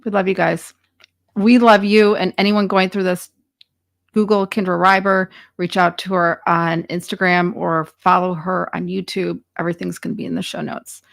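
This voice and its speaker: A woman's voice: on the low side, flat delivery, moderate pace, gravelly, no echo, studio quality. A woman hosting a podcast, speaking with passion and emphatic urgency to her guest and listeners. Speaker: podcast host. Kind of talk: podcast conversation.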